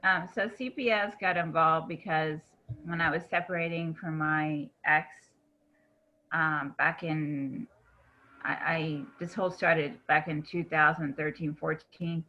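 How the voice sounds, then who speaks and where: A woman from Virginia, a guest on a video call interview, speaking haltingly with fillers. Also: sits low, steady tone, pushed and bright, highs cut off.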